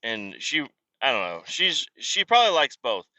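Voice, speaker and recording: A man's voice: mid-range voice, huge pitch swings, moderate pace, sharp tone, no echo. A man hosting a casual podcast, rambling through family stories in a profane, self-deprecating way while on the road. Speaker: podcast host. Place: car.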